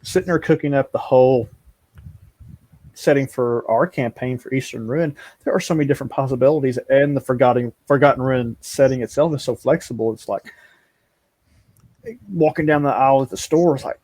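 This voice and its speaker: A man's voice: medium pitch, brisk, darkish tone, no echo. A man in a casual roundtable chat, thinking aloud eagerly about ideas for a game setting.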